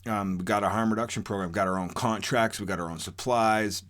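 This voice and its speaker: A man's voice: lowish voice, fairly even intonation, fairly quick, a bit bright. A man telling a true story from his own life in a casual, rambling, profane way, full of fillers and restarts.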